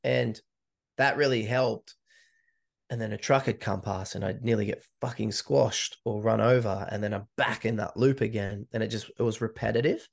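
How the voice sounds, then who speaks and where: A man's voice: lowish voice, steady tone, moderate pace, gravelly. A man, a podcast guest telling a candid, swearing story and acting out the quotes. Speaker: podcast guest, ultra runner. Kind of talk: casual storytelling.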